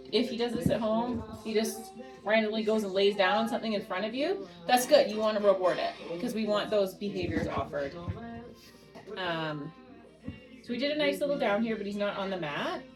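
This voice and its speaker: A woman dog trainer at home, calmly and patiently talking through a training session and softly praising the dog. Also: medium pitch, fairly quick, over music, rough recording. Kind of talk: hands-on training demonstration. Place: home living room.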